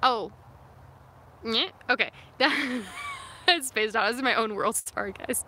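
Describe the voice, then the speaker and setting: A woman's voice: on the high side, a little slow, bright, forceful tone, a little hiss or hum. A young woman chatting casually on a phone livestream outdoors, answering viewer comments in a rambling way full of "like" and "um". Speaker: vlogger reading live chat comments. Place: outdoors in the wilderness near her van. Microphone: phone camera.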